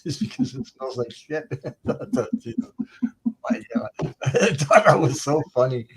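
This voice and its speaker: A middle-aged man co-hosts a relaxed live-stream chat. His voice is husky and a bit breathy. He is easygoing and laughs often. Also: medium pitch, measured pace. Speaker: co-host.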